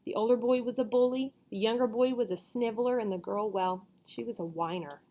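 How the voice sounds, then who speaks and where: Female reader for a storybook, relaxed read-aloud, stumbles and self-corrects casually. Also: on the high side, fairly quick.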